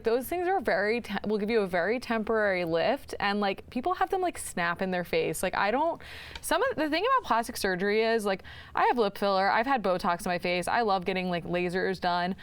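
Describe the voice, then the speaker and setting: Smooth-voiced female podcast host. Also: medium pitch. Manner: chatty, reflective, many "like" fillers. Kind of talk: casual interview chat.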